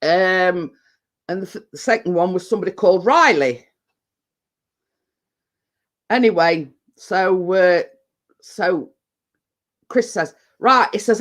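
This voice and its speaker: A woman's voice: fairly low pitch, lively intonation, slow pace, pauses often. A middle-aged woman, chatting casually on her vlog in a rambling storytelling way, full of fillers and restarts. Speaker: vlogger. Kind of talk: casual chat.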